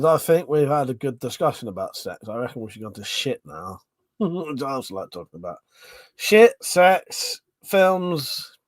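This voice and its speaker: A man's voice: fairly high pitch, fairly bright tone, no room sound. A man hosting a livestream, casually chatting, reading viewer comments and laughing often through crude banter. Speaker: livestream host.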